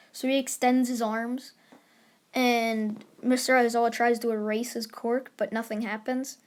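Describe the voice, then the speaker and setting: A woman's voice: a little high, flat delivery, unhurried. A woman casually retelling a fan story for her channel, rambling and correcting herself as she goes. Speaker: YouTuber storyteller.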